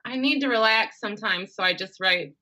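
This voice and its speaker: A woman author chats openly in a bright, lively voice, often laughing at herself. Her talk is casual and full of quick asides. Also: medium pitch, rough recording. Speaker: author guest. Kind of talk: casual interview chat.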